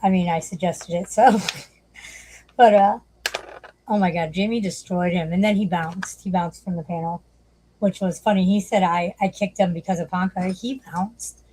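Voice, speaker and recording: A woman's voice: lowish voice, steady tone, normal speed, dark tone, a little hiss or hum, rough recording. A woman hosting a livestream, chatting casually, swearing often and laughing as she talks. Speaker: livestream host.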